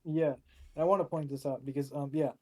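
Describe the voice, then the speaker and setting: A man's voice: a little high, fairly even intonation, fast talker. Rambling man recapping an episode. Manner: rambling, many fillers, restarts. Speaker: podcast co-host.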